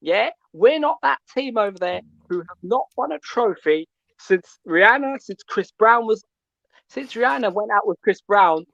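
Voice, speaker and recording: A male caller ranting about football, loud and animated, who keeps asking "yeah?" between points. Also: sits high, normal speed, creaky, dry recording, dull audio. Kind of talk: call-in football rant.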